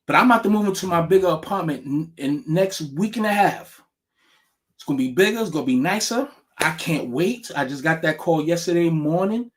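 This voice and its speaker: Man, casual rant to camera, profane, animated, rambling, frequent restarts. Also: a little high, fairly quick.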